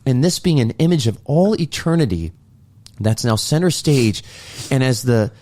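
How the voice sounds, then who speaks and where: A man's voice: mid-range voice, expressive, normal speed, mellow. A man co-hosting a podcast, earnestly and reflectively retelling a movie scene in casual talk. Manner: earnest, reflective storyteller acting out quoted lines. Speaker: podcast co-host.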